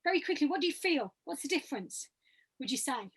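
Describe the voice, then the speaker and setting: A woman with a high, bright-sitting voice leads vocal warm-ups over a video call. She encourages her students and demonstrates each sound herself. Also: big pitch swings, a little fast. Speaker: voice workshop leader. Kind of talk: leading vocal exercises.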